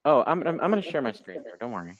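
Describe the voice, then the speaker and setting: A man's voice: medium pitch, sing-song, very fast, dry recording, dull audio. Chatty man in his forties, dry sound. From Chicago, United States. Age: 40s. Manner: chatty and joking, loose unscripted delivery. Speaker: guest presenter, options trader. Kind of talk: live webinar presentation.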